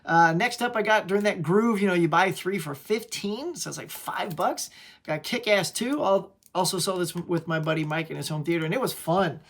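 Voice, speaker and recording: A man's voice: sits high, moderate pace, fairly bright tone. Man, channel host, casual upbeat show-and-tell at home, says "y'all" a lot. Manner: chatty, upbeat, peppered with "y'all".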